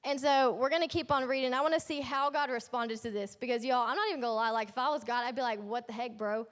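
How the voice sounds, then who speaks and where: A woman's voice: sits high, fast talker. A young woman leading a youth ministry, preaching a casual sermon in a chatty, slangy storytelling way with playful asides. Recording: echoey hall.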